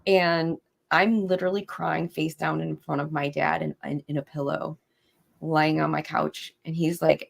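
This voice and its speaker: A woman's voice: low-pitched, steady tone, normal speed, gravelly. A young adult woman in casual podcast conversation, telling her story with animation and acting out quoted lines.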